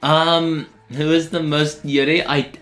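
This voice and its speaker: A man's voice: a little high, flat delivery, takes it slowly, fairly bright tone, soft background music. A man streaming a game, giving casual commentary with self-deprecating, laughing asides.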